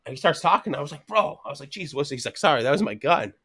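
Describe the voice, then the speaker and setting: Podcast guest, man in his thirties, slightly raised pitch, animated profane storyteller who plays out every quote. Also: fast, breathy edge. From Canada. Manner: animated, swears constantly, laughs mid-sentence, acts out quotes. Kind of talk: casual storytelling chat.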